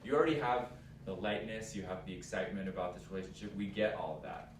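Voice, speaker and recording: A man coaching a singer in a master class, animated and laughing as he acts out lines. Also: low voice, quick pace. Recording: echoey hall, distant mic, background noise.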